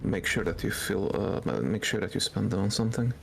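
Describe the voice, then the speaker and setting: A man chatting in a hushed voice from home at night. His voice is low-key and gravelly. His pitch moves in a lively way even though he keeps it quiet. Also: fairly quick. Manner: talks quietly and softly. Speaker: friend joining the stream. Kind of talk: casual voice chat.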